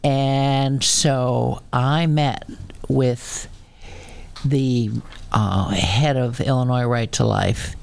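A woman's voice: very deep voice, steady tone, drawn-out words, creaky, darkish tone, smooth. An older woman guest in an interview who speaks bluntly and tells stories from years ago. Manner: blunt, anecdotal. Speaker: guest, activist. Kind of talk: interview conversation.

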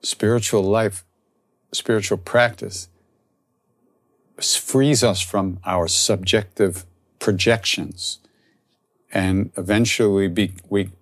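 A man, a spiritual teacher, telling a story and then reflecting softly on spiritual practice. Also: fairly low pitch, steady tone, slow pace, long pauses, no room sound. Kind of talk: storytelling talk.

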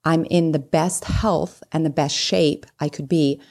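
A woman's voice: sits low, fairly even intonation, measured pace, a little mellow. A woman in her mid forties, a podcast guest, explaining health ideas in a casual, enthusiastic way and building simple analogies. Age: 40s. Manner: explanatory, uses analogies, giggly asides. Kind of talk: casual interview chat.

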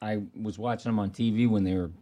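An older man, a guest voice actor, telling stories in an animated, laughing way. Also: on the low side, fast talker. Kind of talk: casual storytelling.

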